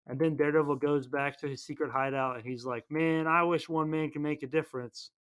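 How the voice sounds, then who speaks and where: A man casually retelling a movie plot as a podcast host, rambling and playful, tossing in quick voices for each character. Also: a little high, steady tone, fairly bright tone, clear, resonant tone.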